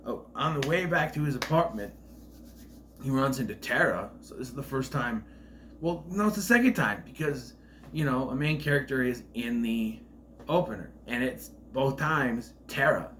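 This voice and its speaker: A man giving a casual spoiler review of a film, retelling scenes in an animated, profane way. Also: medium pitch, moderate pace, slight background noise.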